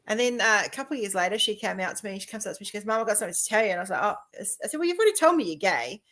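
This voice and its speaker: A woman in her fifties chatting casually, telling lively personal stories and acting out what people said. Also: mid-range voice, racing. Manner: chatty, animated storytelling, acting out quoted dialogue.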